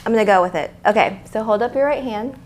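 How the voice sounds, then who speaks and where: A woman's voice: a little high, fast, a little hiss or hum. Woman teaching lettering, casual and encouraging. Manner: casual, encouraging, with filler and restarts. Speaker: art instructor. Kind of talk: live lettering tutorial.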